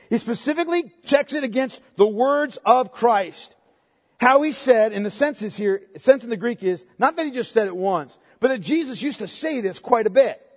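High-voiced pastor preaching in a reverberant hall. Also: male voice. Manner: emphatic, checks in with listeners through tag questions. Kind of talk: expository sermon.

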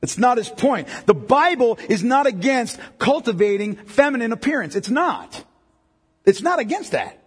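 Male pastor, middle-aged, husky and high-pitched, joking sermon delivery, long reverb. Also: sing-song, normal speed. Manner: joking asides with a congregation. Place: church hall.

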